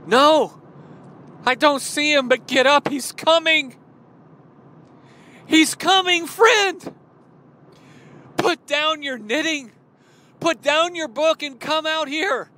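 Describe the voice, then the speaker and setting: An eager young woman calls out to a sleepy friend, her voice pitched up high and pressing, as a man acts her out. She pleads over and over, urgent and insistent. The delivery is slow and drawn out. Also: bright, forceful tone, heavily acted. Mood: urgent pleading.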